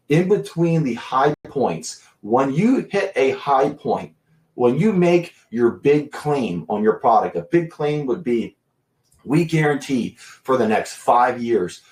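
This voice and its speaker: A man giving a sales training talk, emphatic and deliberate, pausing for effect. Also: mid-range voice, a little mellow. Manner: emphatic, deliberate pacing with long pauses. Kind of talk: instructional talk to camera. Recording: echoey room.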